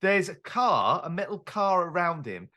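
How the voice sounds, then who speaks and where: A man's voice: sits high, very animated, measured pace, pushed and bright. A man hosting a comedy news podcast, chatting animatedly, laughing often and slipping into silly put-on voices. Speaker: podcast host. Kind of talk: comedy news panel chat.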